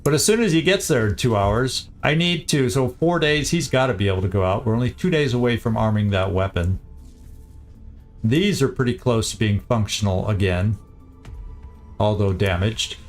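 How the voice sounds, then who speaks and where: A man's voice: fairly low pitch, moderate pace. Man thinking aloud over game music. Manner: thinks aloud, repeats words, muttering asides. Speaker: gaming streamer. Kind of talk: casual gameplay commentary.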